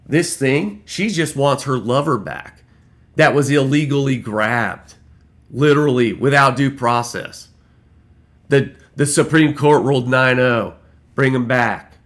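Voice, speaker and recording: A man's voice: mid-range voice, measured pace. A man vlogging an angry, profane rant, repeating his lines for emphasis.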